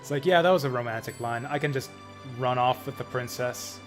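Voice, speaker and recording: A man's voice: medium pitch, brisk, faint music behind. A young man streaming a game, making joking asides and reacting to scenes in casual commentary.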